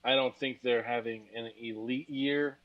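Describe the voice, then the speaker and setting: A man's voice: medium pitch, steady tone, a little slow. A man co-hosting a podcast, tired and rambling about football with crude jokes and lots of fillers. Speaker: podcast co-host. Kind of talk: casual sports chat. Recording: slightly dull lo-fi sound.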